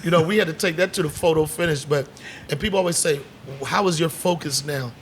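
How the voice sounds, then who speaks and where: Middle-aged man, comedian, lively storyteller, slightly high voice, faint room hum. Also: fast. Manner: animated storyteller, acts out voices, swears freely. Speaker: comedian guest. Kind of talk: casual storytelling chat. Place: bar set.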